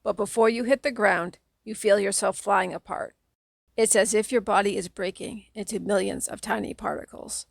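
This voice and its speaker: Lady reading a kids book aloud, gravelly voice, dry close sound. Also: medium pitch, fairly even intonation, normal speed, no room sound. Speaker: audiobook reader. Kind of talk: audiobook narration.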